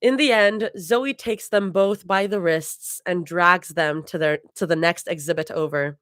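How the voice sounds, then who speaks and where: A woman's voice: fairly low pitch, a little slow, a bit bright, dry recording. Woman reading fan fiction live, dry sound. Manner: laughs and stumbles over hard words.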